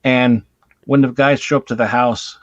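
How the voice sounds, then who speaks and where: A man's voice: mid-range voice, fairly even intonation, normal speed, dry recording. A man hosting a casual movie chat, animatedly retelling scenes and swearing casually. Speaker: host. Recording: dull dry lo-fi recording.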